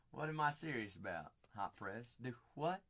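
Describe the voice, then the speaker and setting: A man hosting a live card break stream, rattling off buyers' names with playful, sing-song banter and sudden loud bursts. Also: mid-range voice, lively intonation, a little slow.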